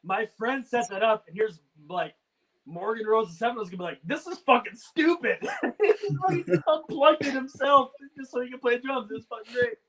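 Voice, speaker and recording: High, bright-voiced man in easy chat. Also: moderate pace, low-quality recording. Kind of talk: casual podcast chat.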